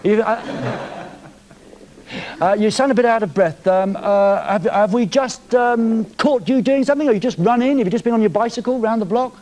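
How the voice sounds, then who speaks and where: A man's voice: sits high, moderate pace, a little mellow. A man hosting a live TV show from a studio, teasing a caller in a cheeky way. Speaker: TV presenter. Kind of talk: live TV banter.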